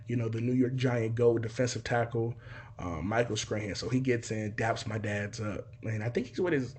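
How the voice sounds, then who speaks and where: A man's voice: medium pitch, breathy edge. A young man casually telling a personal story, swearing freely and acting out other people's voices and sound effects. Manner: animated, profane, acts out voices and sound effects.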